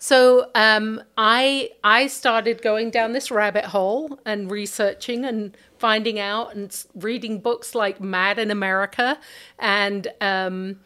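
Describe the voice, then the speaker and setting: A British theater company director tells a story in a casual interview, chatty and acting out emails and conversations. Her medium-pitched voice is clear and resonant, pushed and bright, with fairly even intonation, and she takes her time.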